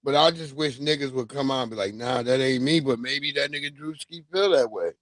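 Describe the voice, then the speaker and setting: A man hosting a livestream, chatting casually with animated, profane storytelling and laughs. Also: medium pitch, brisk, no echo. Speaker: livestream host. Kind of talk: casual commentary.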